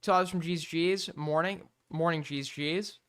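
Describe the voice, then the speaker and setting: A man's voice: fairly high pitch, steady tone, normal speed, fairly bright tone. A man streaming, reacting to a video with blunt, profane, exasperated commentary.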